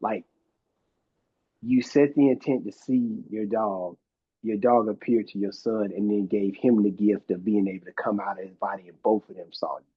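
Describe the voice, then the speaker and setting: A man's voice: lowish voice, steady tone, normal speed, slightly rough. A man hosting a podcast in casual conversation, talking in a reflective way. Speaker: podcast host. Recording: slightly dull lo-fi sound.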